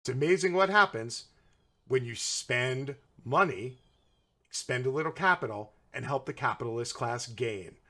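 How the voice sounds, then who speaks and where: A man's voice: mid-range voice, lively intonation, unhurried, a bit bright. A man hosting political commentary, ranting in a sarcastic, mocking way and swearing freely.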